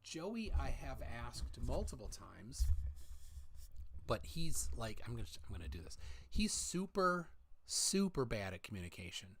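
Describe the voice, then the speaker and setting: A man hosting a casual livestream, reading out chat comments in a rambling, halting way with many fillers, holding his mic close at home. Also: mid-range voice, sing-song, a bit bright, slightly rough. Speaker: livestream host. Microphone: handheld mic held close.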